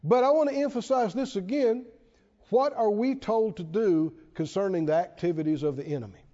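A man whose voice sits high and mellow preaches at a moderate pace to a church congregation. He speaks emphatically and repetitively, often asking questions of his listeners. The recording is dull and lo-fi, with church hall reverb.

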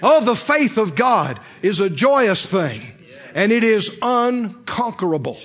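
A man preaching with a very high voice that swings widely up and down. He delivers the sermon with emphasis, climbing at times to hollering. The recording is dull and lo-fi. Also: sing-song, slow pace, a bit bright.

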